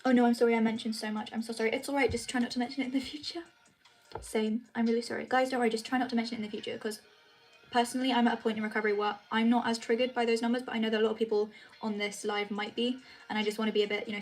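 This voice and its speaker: A British woman hosts a relaxed live chat from home at night. She reads viewer comments aloud and answers them in a chatty, apologetic way. Her voice sits a little high, with faint music playing behind her. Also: rough recording.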